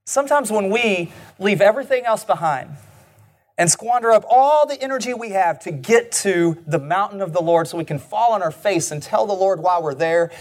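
A man preaching a sermon in an earnest way, slowing down and dropping his voice low and soft on key lines. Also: lively intonation.

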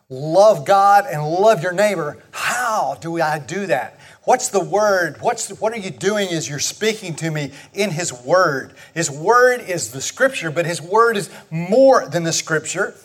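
Male pastor, high voice, slow unhurried delivery, chatty sermon. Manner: conversational, questioning the congregation, animated.

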